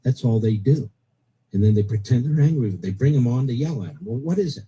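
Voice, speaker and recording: A man's voice: mid-range voice, animated, fairly quick, warm tone, breathy edge, rough recording. A middle-aged man hosting a political talk radio show, blunt and opinionated, repeating his points for emphasis.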